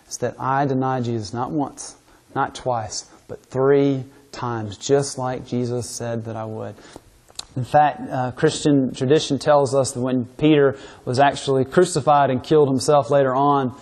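A man's voice: mid-range voice, fairly even intonation, a little slow, a little mellow. A man preaching a sermon, asking his listeners rhetorical questions and reading scripture aloud.

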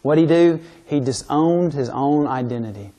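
A man's voice: on the high side, moderate pace, dark tone. A man preaching a sermon, asking his listeners rhetorical questions and reading scripture aloud.

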